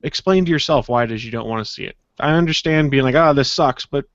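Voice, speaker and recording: A man co-hosting a podcast in casual chat, telling anecdotes in a relaxed way. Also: mid-range voice, fast talker, clean tone, no echo, lo-fi sound. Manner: relaxed storyteller, acts out quotes. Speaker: podcast co-host.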